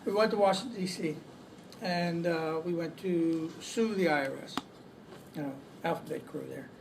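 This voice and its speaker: A man telling a story to a group, halting often on fillers. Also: fairly high pitch, creaky. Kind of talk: casual storytelling. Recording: distant mic, faint background noise.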